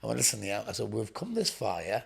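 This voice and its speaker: A fast-talking Englishman with a fairly low, gravelly, husky voice and big swings in pitch, he's a guest on a podcast telling his story. He doesn't soften anything, swears frequently, and acts out conversations as he goes.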